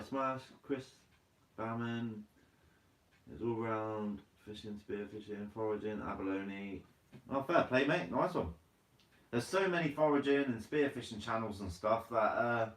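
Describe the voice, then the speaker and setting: A man's voice: mid-range voice, moderate pace, fairly bright tone, far from the mic. A man hosting a fishing channel live stream, reading viewer comments aloud in a casual, chatty way and calling people mate. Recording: roomy, from away from the mic.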